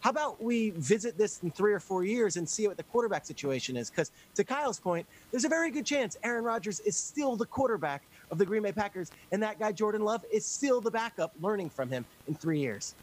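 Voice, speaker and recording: Emphatic high-voiced man pushing back. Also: animated, brisk, few pauses, slight background noise, poor audio. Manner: emphatic, pushes back with repeated starts. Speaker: sports talk panelist. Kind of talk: sports talk discussion.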